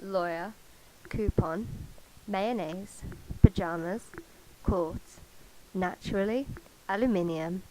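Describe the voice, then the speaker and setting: A woman's voice: mid-range voice, slow pace, warm tone, low-quality recording. Chatty woman with faint mic hiss. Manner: chatty, self-mocking, swears casually. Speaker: vlogger. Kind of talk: casual chat. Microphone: cheap karaoke mic.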